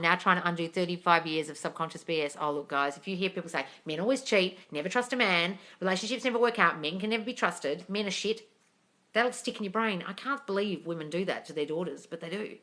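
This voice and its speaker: Bright-voiced woman doing a live q&a, blunt, swears a lot, calls everyone darling. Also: on the low side. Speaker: manifesting coach answering live comments. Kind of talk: livestream Q&A reading comments.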